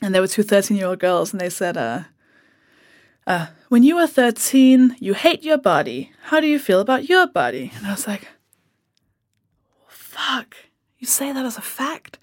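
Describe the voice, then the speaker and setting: A woman talking as a guest on a podcast, animated and swearing freely as she acts out remarks people made. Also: mid-range voice, moderate pace, long pauses, dry recording, studio quality. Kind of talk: casual podcast conversation.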